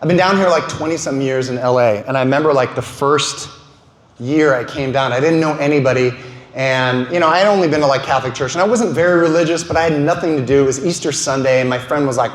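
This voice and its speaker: A man in his forties doing an animated stand-up comedy set and throwing quick asides to the crowd. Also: fairly high pitch. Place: comedy venue stage. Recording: roomy venue with background noise.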